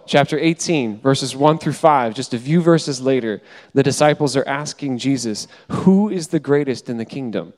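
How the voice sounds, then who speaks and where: Male preacher in a reverberant hall. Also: mid-range voice. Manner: animated storytelling, acting out quoted lines. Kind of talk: sermon. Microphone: handheld mic, switched mid-talk. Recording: hall reverb from a live room.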